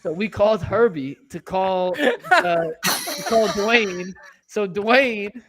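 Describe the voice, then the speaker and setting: A man's voice: high-pitched, expressive, slow pace, noisy background. A man co-hosting a sports talk show, telling stories in casual studio chat. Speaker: co-host.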